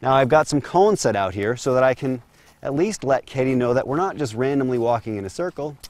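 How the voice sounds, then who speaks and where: Working a horse in an outdoor round corral, a man gives a calm, steady lesson as a horse trainer. His voice is medium-pitched and his delivery brisk.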